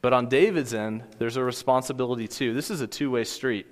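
A man's voice: medium pitch, brisk, in a large hall. A man preaching a sermon in an earnest, conversational way, often restarting his sentences. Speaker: pastor.

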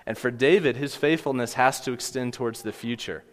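A man's voice: medium pitch, brisk, long reverb tail. A man preaching a sermon in an earnest, conversational way, often restarting his sentences. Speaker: pastor.

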